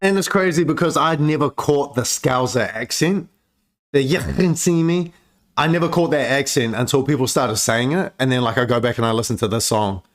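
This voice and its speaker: A man's voice: medium pitch, a little fast, few pauses. A man giving casual, profane reaction commentary on music, chatty and laid-back with lots of filler words.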